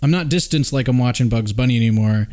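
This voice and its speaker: A man co-hosting a casual podcast chat, jokey and animated and quick to laugh. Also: medium pitch. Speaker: podcast co-host.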